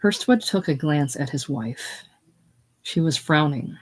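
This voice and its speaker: An audiobook reader narrating a classic novel in a measured, even way. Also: medium pitch, slightly rough.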